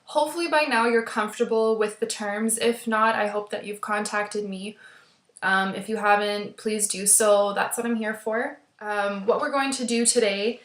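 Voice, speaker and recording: A woman teacher seated in a chair in an indoor room records a class lecture into the webcam at her desk. Her middle-pitched voice is steady and instructive with frequent "um" pauses, and the room sounds roomy and echoey.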